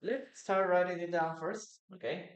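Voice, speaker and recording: A man's voice: high voice, steady tone, unhurried. A man whose first language is Spanish, teaching a live online English class and patiently explaining grammar through example sentences on a computer mic.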